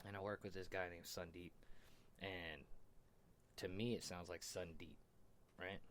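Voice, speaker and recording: A man in casual chat with friends, animated and swearing a lot. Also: low voice, moderate pace, a little hiss or hum. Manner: animated, swears a lot, laughs while talking. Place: room with friends.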